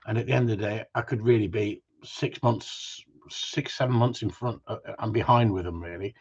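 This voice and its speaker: A man's voice: lowish voice, a little fast, husky. A man hosts a live stream as a dog trainer, chatting casually and joking while he answers viewers' questions. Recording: dull lo-fi stream audio.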